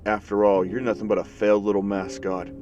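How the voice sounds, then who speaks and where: A man voicing a gruff male teacher who speaks bluntly and with profanity in a fan story. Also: fairly low pitch, little pitch movement, a little fast, far from the mic, dull audio, close to an everyday voice. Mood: blunt defiant.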